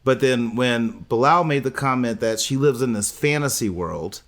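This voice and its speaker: A man with a middle-pitched voice who speaks plainly and bluntly. He talks casually through a show recap, laying out firm opinions on the couples. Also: moderate pace. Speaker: podcast co-host.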